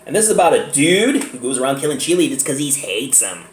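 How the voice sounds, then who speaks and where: A man's voice: mid-range voice, very animated, fast, slight background noise. A man giving a casual, rambling movie review, laughing often as he talks. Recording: echoey room.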